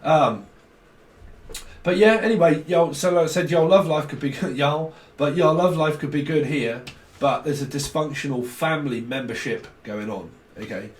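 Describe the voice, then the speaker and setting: Guy rambling thru a tarot reading, fairly high voice, echoey room far from the mic. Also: moderate pace. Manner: rambling, joking, laughs often. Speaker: tarot reader. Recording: roomy, distant mic.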